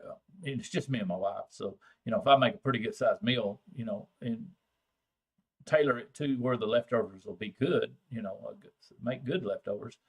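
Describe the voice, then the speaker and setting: An older man with a broad Texan drawl, chatting easily with viewers. His talk is folksy and salty, with a medium pitch and an unhurried, plain manner. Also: husky. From Texas. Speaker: livestream host. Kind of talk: casual chat with viewers.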